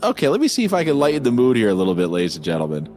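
A man's voice: mid-range voice, wildly swooping pitch, very fast, a little mellow, soft background music. A man co-hosting a casual movie review chat, rambling and hesitant, with many fillers. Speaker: podcast co-host.

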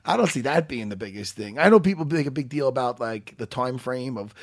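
A middle-aged man, bantering loudly and crudely on a radio show in a studio. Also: medium pitch, brisk, no room sound. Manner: loud, profane, jokey, animated.

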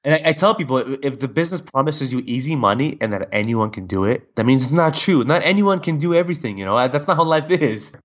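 A man talking as a podcast guest, telling stories in an animated way with many restarts. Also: medium pitch, quick pace, few pauses. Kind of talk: casual chat. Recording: dull lo-fi audio.

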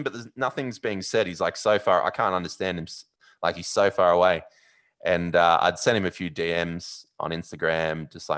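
Deep-voiced Australian man telling a story. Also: normal speed. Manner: animated, rambling, with fillers and loud yelled bits. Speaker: podcast host. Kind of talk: casual storytelling.

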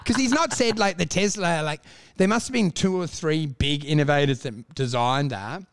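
High gravelly man, animated chat. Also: moderate pace. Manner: animated, swears freely, mimics people. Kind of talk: casual chat.

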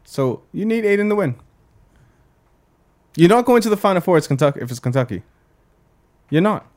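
A man's voice: sits high, very animated, moderate pace, a little mellow. A man in casual sports chat, arguing his point in a teasing, persuasive way.

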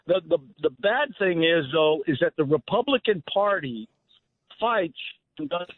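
A man calling a radio show, halting and stumbling with repeated words over a phone line that keeps breaking up. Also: a little high, animated, no room sound. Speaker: caller.

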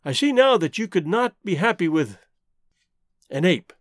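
A man doing a quiet, grave jungle man. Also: very animated, normal speed, no room sound, clean studio sound. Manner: low, level, restrained.

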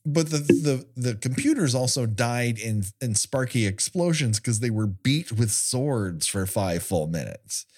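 Podcast host guy ranting about an episode, pitch jumps all over, swears a lot, sarcastic. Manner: animated, profane, sarcastic retelling with quick asides. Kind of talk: casual podcast recap chat.

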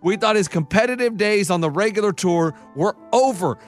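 Male sports talk host, high voice, excitable storyteller, faint music under. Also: moderate pace. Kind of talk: casual sports chat.

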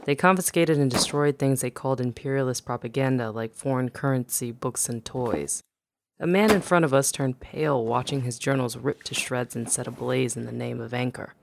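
A man narrates a first-person memoir at a middle pitch. His reading is measured and even, with no notable strain or hurry. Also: vocal fry, noisy background.

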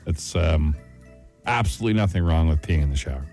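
A middle-aged man hosting a radio show, chatting casually with co-hosts, jokey and quick to laugh. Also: rumbling low, soft background music. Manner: animated, laughs often, jokey. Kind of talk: casual chat.

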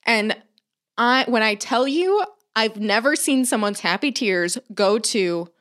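Animated young woman telling a story. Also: a little high, slow pace. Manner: animated storytelling with acted-out quotes and frequent laughs. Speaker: podcast co-host. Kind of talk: casual chat.

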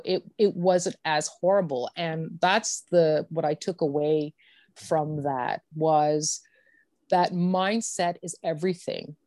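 Woman guest, lowish voice, frank and blunt storyteller who swears and laughs, dry close sound. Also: a little mellow, no echo. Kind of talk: candid personal storytelling.

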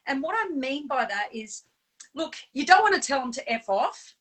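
Chatty high-voiced woman. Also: normal speed, slight background noise, poor audio. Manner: chatty, animated, with frequent fillers and laughs. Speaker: co-host. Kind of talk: casual live-stream chat.

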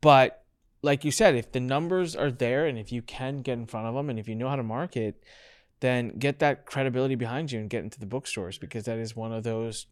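A man hosting a podcast interview, chatting casually and telling stories with lively acted-out dialogue. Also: mid-range voice, brisk. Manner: animated storyteller, acts out family dialogue. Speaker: podcast host.

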